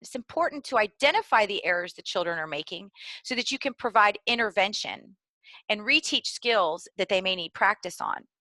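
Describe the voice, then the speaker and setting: A woman giving clear, deliberately enunciated instructional narration for preschool teachers. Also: mid-range voice, animated, pushed and bright, no room sound. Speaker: early literacy trainer.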